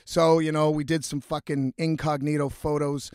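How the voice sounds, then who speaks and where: A man telling a story in a casual, animated, heavily profane way, rambling as he goes. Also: a little high, normal speed, no room sound, clean studio sound. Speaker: vlogger.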